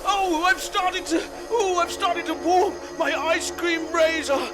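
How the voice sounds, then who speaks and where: A man voicing a gloating ice villain from a children's TV show, with shouted, grandiose threats. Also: very high-pitched, fairly even intonation, a little slow, over music. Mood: melting panic.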